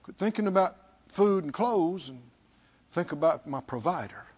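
A man's voice: on the high side, animated, moderate pace, darkish tone, slightly rough, dull audio. A man preaching a sermon, repeating phrases and putting questions to his listeners.

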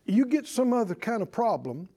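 A man preaching a sermon in a folksy, scolding way, slow and emphatic. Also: extremely high pitch, very animated, mellow, slightly rough.

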